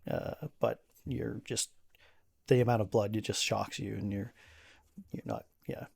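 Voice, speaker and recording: A man narrating as game master of a tabletop game in a casual, halting way with many fillers. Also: fairly low pitch, little pitch movement, gravelly, darkish tone, husky.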